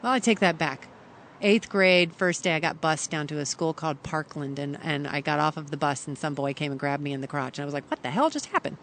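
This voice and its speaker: A woman's voice: deep voice, brisk, a little hiss or hum. A middle-aged woman from Kentucky, a podcast guest telling a story and acting out the lines of the people in it. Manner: animated, acts out others' lines when quoting them. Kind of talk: storytelling in casual conversation.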